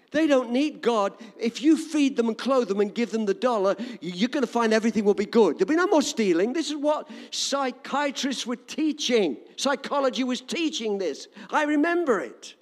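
A man's voice: very high voice, expressive, normal speed, long reverb tail. An older man with an English accent preaching a sermon in an emphatic, repetitive cadence. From England.

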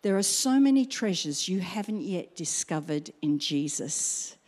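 A middle-aged woman preaching a sermon, acting out her own exclamations in an animated way. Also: on the low side, a little slow. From Australia.

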